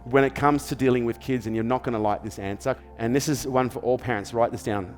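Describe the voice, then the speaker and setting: A man's voice: medium pitch, steady tone, fast, few pauses, a little mellow, long reverb tail, faint music behind. An Australian man, a business coach, giving parenting advice in an emphatic, repetitive motivational style, checking in with "okay?" and "does this make sense?". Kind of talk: motivational talk in an interview.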